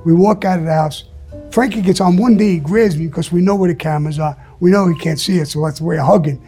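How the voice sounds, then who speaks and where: A man with a high, quick, warm voice speaks over faint background music. He's an interview guest telling stories bluntly and profanely, acting out the quotes as he goes in a casual conversation.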